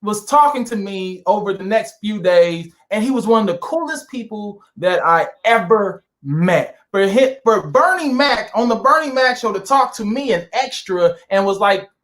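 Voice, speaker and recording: Interview guest, male, from Saint Louis, high-pitched, animated anecdote teller. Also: normal speed, hardly any pauses. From Saint Louis, USA. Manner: animated, tells anecdotes with lots of fillers. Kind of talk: casual storytelling chat.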